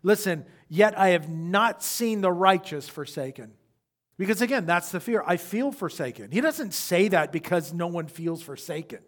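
A man preaching a sermon who speaks straight to his congregation with questions and rises from quiet reflection to loud emphasis. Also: high voice, lively intonation, moderate pace. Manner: addresses the congregation directly with questions. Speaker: pastor.

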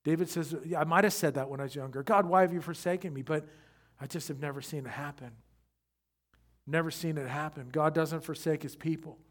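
A man preaching a sermon who speaks straight to his congregation with questions and rises from quiet reflection to loud emphasis. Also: a little high, fairly even intonation, brisk. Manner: addresses the congregation directly with questions. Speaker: pastor.

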